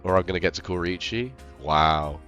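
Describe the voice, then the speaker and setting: A man's voice: sits low, normal speed, a bit bright, soft background music. A man, who is ill, casually thinking aloud over his game with rambling, self-deprecating remarks. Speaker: game streamer. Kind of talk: casual gameplay commentary.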